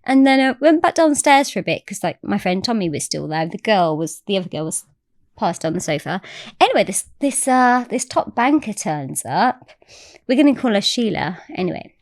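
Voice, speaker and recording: A woman guest on a podcast telling a story in casual chat, animated and swearing freely. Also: medium pitch, moderate pace, dry recording, studio quality.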